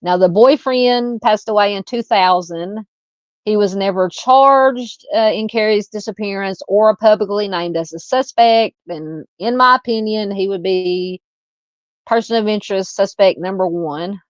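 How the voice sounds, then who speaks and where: At a measured pace and mid-range pitch, with no echo, a woman with a Southern American accent runs a true crime livestream. Her dull, lo-fi, dry home mic picks up casual chat, lots of ums and uhs, and her reading of viewer comments.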